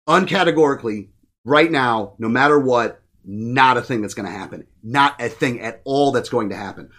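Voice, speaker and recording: A man hosting a casual political podcast, talking bluntly and swearing freely as he rants. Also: medium pitch. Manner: blunt, profane, animated ranting. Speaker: podcast host.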